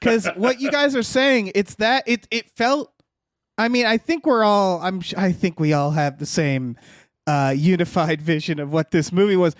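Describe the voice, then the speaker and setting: A male podcast host with a notably high voice circles his points, restarting phrases as he goes. The sound is dry and close to the mic. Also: no echo. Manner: halting, restarts often, loosely rambling. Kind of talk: casual podcast chat.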